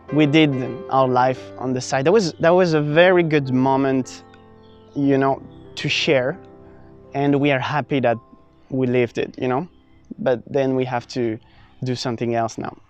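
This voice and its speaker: A young man from France telling a personal travel story in a casual, animated vlog, full of fillers and restarts. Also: mid-range voice, a little slow, pauses often, lo-fi sound, soft background music. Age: young adult. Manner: animated, many fillers and restarts, acts out his own past lines. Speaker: vlogger.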